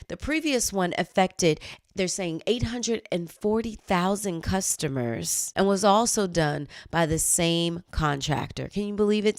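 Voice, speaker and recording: A woman hosting a chatty news commentary show, animated and quick to exclaim. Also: fairly low pitch, no room sound, studio quality. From United States. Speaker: host.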